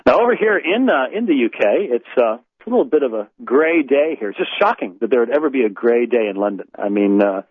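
A man's voice: medium pitch, animated, fast talker, few pauses. This is an American man hosting a call-in radio show, drifting through casual chat full of "uh"s and restarts. His voice comes over a tinny, phone-like line with a dry, close sound and no room echo. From United States. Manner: rambling, many fillers and restarts. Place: indoors in a home in north London.

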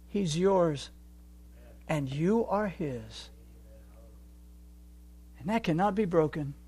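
High-voiced, slow fervent preacher man. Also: dry recording. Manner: builds from quiet reflection to loud fervent preaching. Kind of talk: sermon.

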